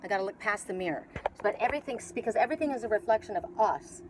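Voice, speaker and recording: A middle-aged Canadian woman with a Canadian accent gives a casual spiritual tarot reading on an outdoor patio, rambling with many restarts and fillers. Her mid-range voice is expressive and racing, against a noisy background.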